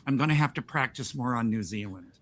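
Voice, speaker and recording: A man's voice: medium pitch, quick pace, fairly bright tone. A man hosting a casual podcast chat, rambling and restarting his sentences with frequent laughs. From United States. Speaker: podcast host.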